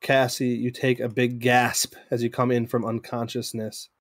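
A man narrating as game master of a tabletop game, loose and halting. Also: medium pitch, monotone, dry recording, clean studio sound.

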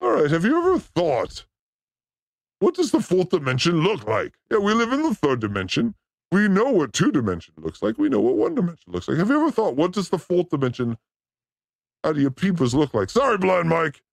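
A man hosting a livestream, reacting to clips with crude, excitable jokes. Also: high-pitched, brisk, gravelly, no echo, clean studio sound. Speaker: show host reacting to clips. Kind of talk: livestream clip commentary.

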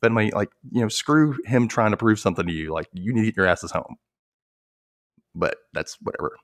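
Man, podcast host, lively pitch, lowish voice, dry close mic, acts out lines. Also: a little fast, no room sound. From Memphis. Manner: animated, acts out characters' lines, laughs often. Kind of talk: casual chat recapping a TV episode.

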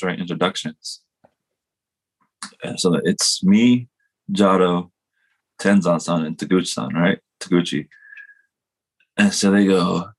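A man tells rambling, self-mocking stories in a relaxed chat and often laughs at himself. His voice is low and husky, with a slightly rough edge. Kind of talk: casual podcast chat.

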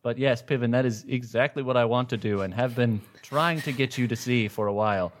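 A man's voice: mid-range voice, fairly quick. A man playing a tabletop role-playing game, joking and teasing his fellow players with a sarcastic streak. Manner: playful, sarcastic, laughs often.

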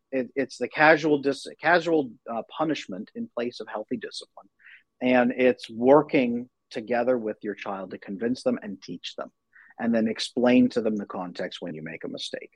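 A man in his thirties, a parenting coach, talking in an animated, conversational way as an interview guest. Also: mid-range voice, normal speed, breathy edge, no room sound, rough recording. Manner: animated, acts out voices in anecdotes.

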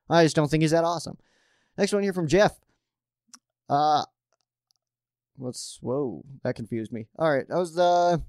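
A young man hosting a casual fan stream, reading viewer questions and riffing on them in a rambling way that builds into excited outbursts. His voice sits a little high for a man and sounds dry and close, with no room around it. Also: clean tone, no room sound. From Colorado. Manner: excitable, rambling, gets worked up. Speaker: fan show host answering viewer questions. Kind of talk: casual livestream chat.

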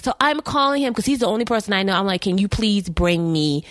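A woman from Charleston, hosting a podcast and telling a story in casual chat, acting out quotes in high voices and laughing often. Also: animated, quick pace, a bit bright, no echo, clean studio sound. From Charleston, South Carolina. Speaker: podcast host.

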